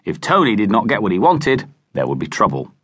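Brief: male storyteller, lower voice, very animated, dry close studio sound. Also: fairly quick, slightly rough, dry recording. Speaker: audiobook narrator. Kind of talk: scripted narration. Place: dry recording booth. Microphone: close studio mic.

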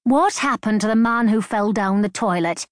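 A woman voicing a coarse, mischievous elderly mother in an audiobook, slightly higher than her own voice, in a dry studio. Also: expressive, normal speed, no room sound, close to an everyday voice. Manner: teasing, reads aloud from the television.

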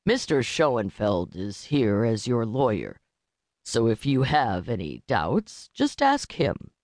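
A woman voicing a male prosecutor with a parched voice who speaks slowly and clearly, sounding vaguely uncertain. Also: very deep voice, wildly swooping pitch, a little mellow, no room sound, clean studio sound, voice pushed down, full character voice. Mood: careful. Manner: slow, clear, faintly uncertain. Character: male prosecutor, vaguely confused, slow and careful.

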